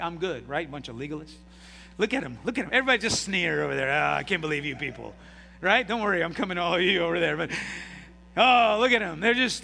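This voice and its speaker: A bright, high-voiced man preaches a sermon to his congregation, pulling them into call-and-response and swinging between loud bursts and hushed lines. His voice rings in a reverberant church hall with a faint hum underneath. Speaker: pastor.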